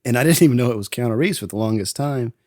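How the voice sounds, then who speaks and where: A man hosting a casual podcast and recapping a film, laughing often and acting out lines in quick voices. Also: mid-range voice, darkish tone, dry recording, clean studio sound. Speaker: podcast host. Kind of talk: casual movie recap chat.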